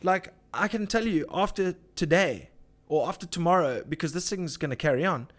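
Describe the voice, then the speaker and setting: A man's voice: fairly high pitch, expressive, moderate pace. Ranting man hosting live chat. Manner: ranting, swearing, reading viewer comments. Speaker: live-stream host.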